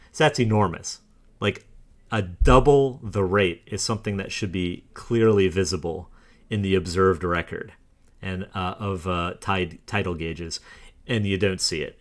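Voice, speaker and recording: A man with a fairly low voice talks through graphs on his screen in a casual way. He argues against the claims he shows and scoffs at them, with short dismissive laughs. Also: fairly bright tone. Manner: scornful, argumentative, laughs dismissively. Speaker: commentator. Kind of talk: casual screen-share walkthrough.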